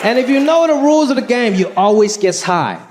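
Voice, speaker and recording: High-voiced man doing stand-up over laughter. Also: animated, fairly quick. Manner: punchy and wry. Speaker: stand-up comedian. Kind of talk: stand-up comedy set. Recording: live stage with crowd laughter.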